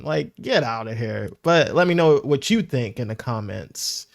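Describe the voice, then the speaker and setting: A man's voice: mid-range voice, measured pace, creaky, hardly any pauses, no echo, studio quality. A man casually commenting on a video he is reacting to, joking and mocking with put-on whiny voices. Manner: animated, mocking voices for imagined streamers. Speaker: reaction streamer.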